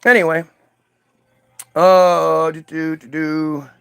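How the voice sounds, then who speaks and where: High-voiced man ranting, dry close sound. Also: little pitch movement, takes it slowly, vocal fry, a bit bright, clear, resonant tone, no room sound. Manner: ranting, profane, repeats words when worked up. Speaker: commentator. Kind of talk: heated commentary while reading aloud.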